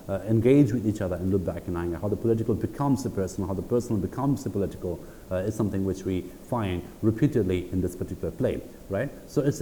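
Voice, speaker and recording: A man giving a recorded university lecture, reading quotes aloud slowly and checking in with "right?" between points. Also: lowish voice, dark tone. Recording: hall reverb with faint background noise.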